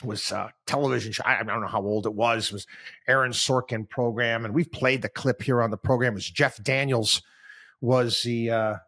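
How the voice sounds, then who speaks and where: A man's voice: medium pitch, fairly even intonation, normal speed, bright, forceful tone. Man, podcast host, casual monologue, rambling, conversational. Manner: rambling, conversational, restarts mid-thought.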